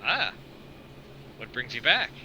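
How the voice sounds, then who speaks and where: A man voicing a calm yet intimidating man in a tabletop game, speaking quietly and low-key. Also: takes it slowly, slight background noise, full character voice, low-quality recording. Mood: calm, menacing.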